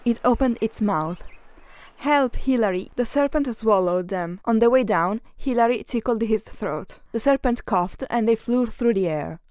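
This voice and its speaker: A woman reading a children's story aloud, doing lively voices for the characters. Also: a little high, normal speed, few pauses, dry recording. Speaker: story reader.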